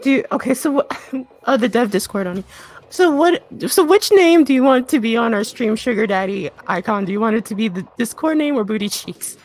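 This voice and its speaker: A woman co-hosting a livestream in a giggly, excitable way, often breaking into laughter. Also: fairly high pitch, brisk. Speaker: stream co-host. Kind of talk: casual livestream chat.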